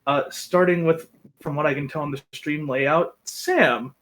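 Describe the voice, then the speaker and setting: A man's voice: a little high, unhurried, a bit bright. A man hosting a tabletop game stream, reading sponsor announcements and introducing players in an upbeat, scripted way. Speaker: host and game master.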